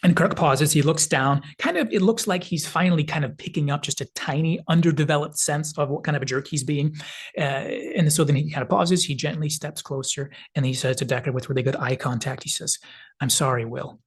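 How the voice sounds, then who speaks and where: A man's voice: a little high, brisk, husky. A man hosting a film analysis video, casually retelling scenes with lots of hedging filler words. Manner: rambling retelling full of "kind of" hedges. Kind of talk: casual video essay narration.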